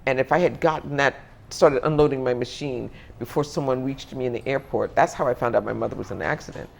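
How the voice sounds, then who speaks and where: Guest, mid-pitched, reflective, halting phrasing with frequent restarts. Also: gravelly, a little hiss or hum. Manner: thoughtful, searching for words, frequent restarts. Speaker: interview guest. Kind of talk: reflective interview talk.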